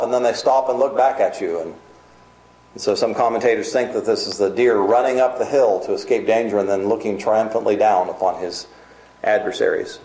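A man delivering a sermon, earnest and emphatic, slowing down for key points and speeding up in others. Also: fairly low pitch, a little mellow, echoey room, low-quality recording. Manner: earnest, emphatic preaching with varied pace. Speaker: preacher.

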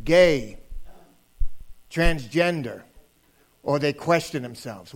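Male guest preacher, fairly high pitch, relaxed and humorous, builds to emphatic delivery. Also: normal speed. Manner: joking, conversational, rising to emphatic preaching. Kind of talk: sermon.

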